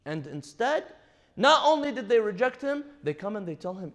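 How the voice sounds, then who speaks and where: A man's voice: high-pitched, big pitch swings, moderate pace, fairly bright tone. A man giving a Ramadan night sermon, telling a prophet's story and reciting verses between his retellings. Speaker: imam. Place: mosque or Islamic center.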